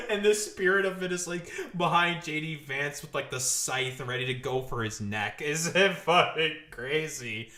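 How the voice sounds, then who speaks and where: A man hosting a live stream, mocking and cursing his way through a rant. His voice rings bright and slightly high, and the room gives it a noticeable echo. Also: a little slow, hardly any pauses. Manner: mocking, profane, laughs a lot.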